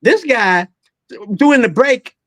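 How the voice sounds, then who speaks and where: Older man in his 80s, storytelling, lively pitch, dry close sound, acts out voices. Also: slow, no room sound. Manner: animated storyteller, acts out voices, laughs often. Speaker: guest, veteran singer. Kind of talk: storytelling interview.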